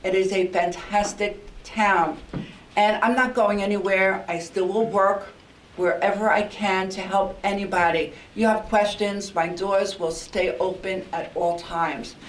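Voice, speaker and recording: A woman's voice: mid-range voice, steady tone, measured pace. An older woman from New York with a New York accent, an outgoing mayor giving a heartfelt farewell speech at a council meeting, repeating herself with many ums. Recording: echoey room, mic at a distance.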